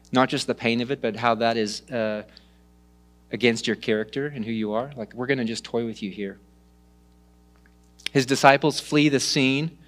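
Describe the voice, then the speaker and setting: A man preaching a sermon, retelling stories with lively rises and hushed drops. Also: medium pitch. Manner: animated storytelling, dropping to hushed tones. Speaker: pastor.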